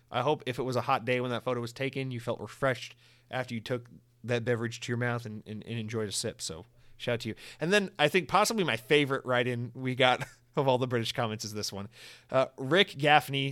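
An American man hosting a solo podcast, chatting casually in an animated, profane, rambling way with lots of restarts. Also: medium pitch. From United States. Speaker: podcast host. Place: home in Orlando, Florida.

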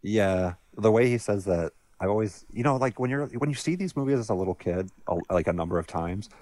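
A man's voice: lowish voice, expressive, fairly quick, a little mellow, dry recording. A married man co-hosting a casual movie podcast, joking and teasing, laughing often. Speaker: podcast co-host. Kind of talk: casual movie-commentary chat.

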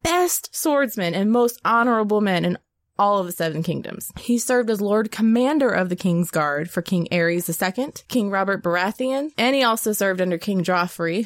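A woman's voice: on the low side, normal speed, no room sound. Tipsy lady podcaster going off, swears a lot, laughs, dry close sound. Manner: animated, swears freely, laughs often, acts out quotes. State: a little tipsy. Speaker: podcast co-host. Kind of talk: casual chat.

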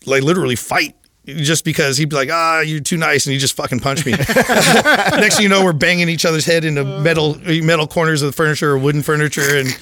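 A man's voice: a little high, sharp tone, no echo, clean studio sound. Candid, profane man telling his story. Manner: candid, profane, halting restarts. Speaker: podcast guest. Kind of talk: casual storytelling.

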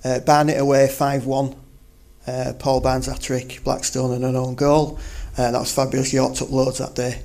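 A middle-aged man gives short, enthusiastic answers as a guest in a quick-fire interview. His voice has a gravelly, frayed edge and sits at a mid pitch. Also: level tone, a little mellow.

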